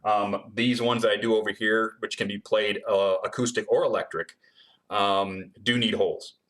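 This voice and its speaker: A man's voice: lowish voice, steady tone, normal speed, a bit bright. A man answering chat questions and demonstrating guitar building in a casual livestream, chatty and full of ums. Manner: chatty, many ums, reads questions aloud.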